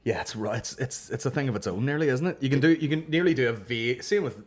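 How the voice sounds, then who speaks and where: A man's voice: medium pitch, animated, fast talker. An Irish man guesting on a comedy podcast, chatting casually and profanely, often trailing off. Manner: laid-back and profane, trailing off.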